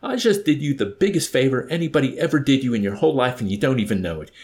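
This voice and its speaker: A man's voice: mid-range voice, very animated, fairly quick, vocal fry. A man reading as an indignant scheming corporal. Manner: indignant, insistent, raised voice.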